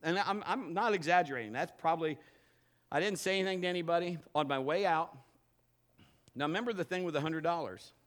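A middle-aged man preaching a sermon in a church service, telling personal stories with loud bursts and quiet asides. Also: brisk. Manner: animated storytelling, swinging between loud bursts and low asides. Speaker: pastor.

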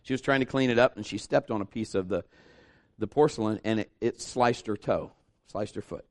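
A middle-aged man preaching a sermon at a church service, telling a story with lively asides and acting out other people's voices. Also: fairly low pitch, fairly quick. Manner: animated storytelling, acts out voices. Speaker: pastor.

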